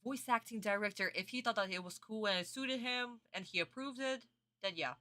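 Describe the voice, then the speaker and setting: Her fairly quick delivery sits on the high side with a sharp tone. She's a young adult streamer casually reacting to a cartoon episode, answering chat comments and calling her viewers sweeties and honey.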